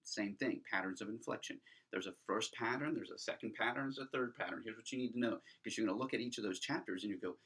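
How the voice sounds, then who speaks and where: Middle-aged guy teaching greek grammar, kinda husky, lowish voice, lots of ums and restarts. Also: fast, fairly bright tone. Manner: chatty, restarts sentences often, many ums. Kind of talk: informal classroom lecture.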